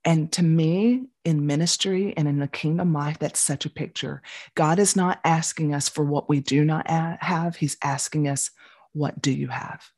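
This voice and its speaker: Low-voiced woman teaching scripture. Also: moderate pace. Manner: animated storytelling, acting out the disciples' voices. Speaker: Bible teacher. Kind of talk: Bible study teaching.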